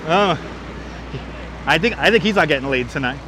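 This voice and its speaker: A man's voice: a little high, background noise. A man hosting a walking livestream outdoors, chatting and joking as he reads viewers' comments aloud on a clip-on mic. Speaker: livestream host. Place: outdoors on a city waterfront street. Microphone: wireless clip-on mic.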